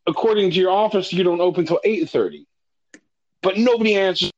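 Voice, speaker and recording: The highs are cut off on this recording of a man with a high voice speaking fairly quickly. Casually recounting something he went through, he curses freely, frequently revises what he's said, and grows animated when retelling conversations.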